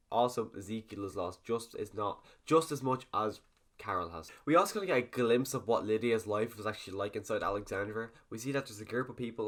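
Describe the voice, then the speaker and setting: A young man giving a rambling, animated video review of a TV episode, swearing freely as he goes. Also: lowish voice.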